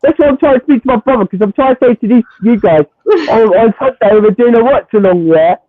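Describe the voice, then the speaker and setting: High-voiced man on a tinny phone line. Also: quick pace, no room sound. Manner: animated, repeats himself, talks over others. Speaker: guest, Chelsea fan. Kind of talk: heated football banter.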